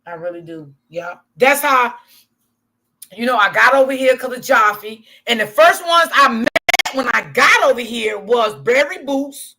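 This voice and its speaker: Bright-toned woman chatting live. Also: on the high side, animated, unhurried, slight background noise. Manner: chatty and candid, heavy swearing, laughs often, addresses chat as y'all. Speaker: livestream commentary host. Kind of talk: casual livestream chat.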